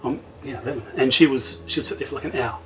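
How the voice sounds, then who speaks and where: A man's voice: medium pitch, racing, over music, rough recording. A middle-aged man, a guest recounting events casually and vividly, often acting out what he said at the time. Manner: vivid retelling, often quoting himself. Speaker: interview guest. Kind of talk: casual storytelling.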